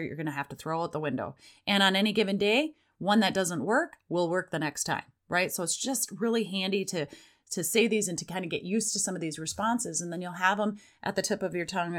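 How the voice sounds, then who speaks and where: A woman hosting a parenting podcast, chatting casually and acting out parent lines in a raised voice. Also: fairly low pitch. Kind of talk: casual solo podcast talk.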